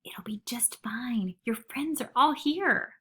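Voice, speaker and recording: A woman doing a soft-voiced little mouse. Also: very high voice, very animated, slow, pitched above the performer's own voice, exaggerated voice. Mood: hushed. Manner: soft, hushed and comforting. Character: small caring mouse, soothing friend.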